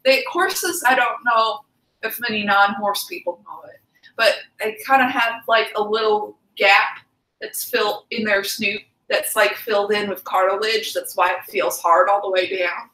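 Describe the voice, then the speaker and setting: A woman's voice: medium pitch, fairly even intonation, unhurried, bright, forceful tone. A young woman in college co-hosting a casual chat, goofy and self-deprecating. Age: young adult. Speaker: co-host. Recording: echoey room.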